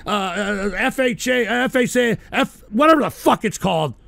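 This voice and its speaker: This high-pitched, gravelly man sounds a bit bright and expressive as he moves at a moderate pace through a heated political rant while reading his chat. He's an agitated host who curses, trips into restarts, and sometimes shouts, all captured in a dry recording.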